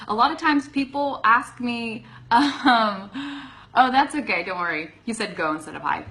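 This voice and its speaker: A woman's voice: fairly high pitch, moderate pace, fairly bright tone, rough recording. A woman with a Californian accent giving a live online English lesson, chatty, laughing often and checking in with "okay?". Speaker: English teacher.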